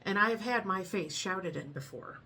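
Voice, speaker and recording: A middle-aged woman from the United States chatting casually to her viewers, telling a story with frequent laughs and a calm, frank manner. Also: medium pitch, normal speed, slight background noise. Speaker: vlogger.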